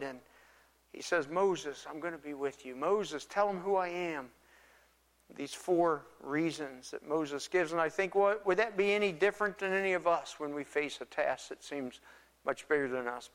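A man preaching a sermon as a pastor, earnest and given to repeating words, sometimes dropping his voice very low. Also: a bit bright. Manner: earnest, repeats words, drops to near whisper for quoted pleas. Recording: long reverb of a church hall.

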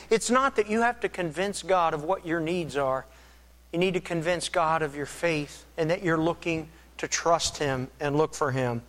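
A man delivers a sermon in an earnest, measured way, now and then restarting a phrase. His voice sits very high for a man. The sound carries a long reverberant tail, as if recorded in a large hall. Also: fairly bright tone. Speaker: pastor.

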